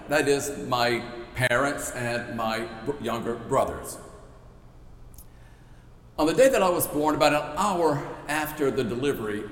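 A man preaching a sermon in a storytelling, conversational way, with playful asides to the congregation. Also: fairly high pitch. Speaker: pastor. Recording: echoey hall with long reverb.

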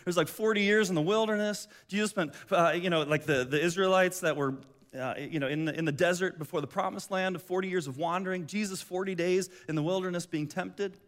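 A middle-aged man preaching a sermon, telling the story with lively energy, often restarting his phrases. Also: sits high, fairly quick. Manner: animated storytelling, acts out voices, many restarts. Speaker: pastor.

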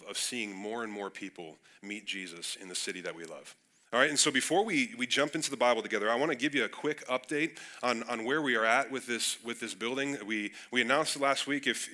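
Young pastor, man, nasal and stuffy voice, bright tone, loose sermon delivery with repeated words. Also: medium pitch. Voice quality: a little nasal. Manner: loose, repeats words when starting phrases. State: congested from a cold.

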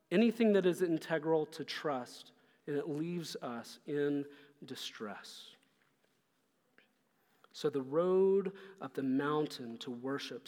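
A man's voice: medium pitch, a little mellow. A man preaching a sermon as pastor, earnest and pressing his listeners with repeated questions. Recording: long hall reverb.

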